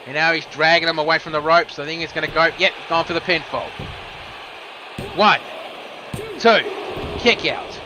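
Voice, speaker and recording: A man giving quick move-by-move wrestling commentary, with casual asides. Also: fairly high pitch, background noise. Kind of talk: play-by-play commentary.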